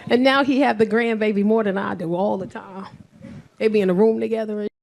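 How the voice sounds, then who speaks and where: A woman's voice: mid-range voice, fairly even intonation, brisk, creaky, darkish tone. A middle-aged woman performing a stand-up comedy set on a club stage into a handheld mic, telling brash, profane stories and laughing often. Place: comedy club stage before a live audience.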